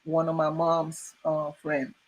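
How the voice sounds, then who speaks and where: A woman from Suriname, chatting as a guest and telling stories in an animated way, laughing often and saying "you know" a lot. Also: low voice, slow pace, low-quality recording. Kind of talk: casual storytelling chat.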